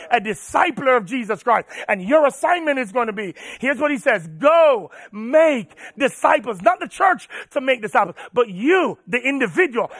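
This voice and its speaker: Pastor, male, high voice, dynamic preacher who drops to a hush for stories, dry close mic. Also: no echo. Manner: preaching with swells from loud urging to hushed storytelling. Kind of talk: sermon.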